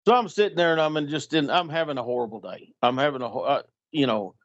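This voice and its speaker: Lively storytelling man, muffled sound. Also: fairly high pitch, fast talker. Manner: animated, acts out voices in anecdotes. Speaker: guest storyteller. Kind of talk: casual storytelling on a podcast. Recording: dull lo-fi sound.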